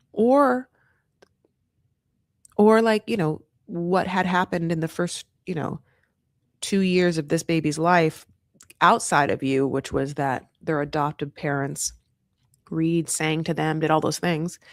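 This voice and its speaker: A man's voice: a little high, vocal fry, fairly bright tone, dry recording, clean studio sound. A man hosting a casual reality TV recap. He talks in a sassy, blunt way, swears freely and acts out other people's lines in a raised voice. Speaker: TV recap host.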